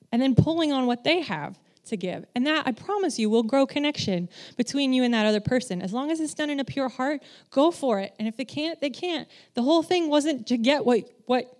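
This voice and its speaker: A woman giving a conversational sermon as a church speaker who works in children's ministry, candid and self-deprecating, acting out the voices she quotes. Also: high-pitched. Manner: animated, acts out quoted voices.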